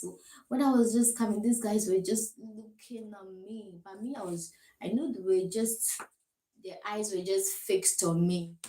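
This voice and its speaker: Chatty Ghanaian woman vlogging in an echoey room. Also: medium pitch. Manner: chatty, animated, laughing asides. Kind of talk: casual storytelling to camera.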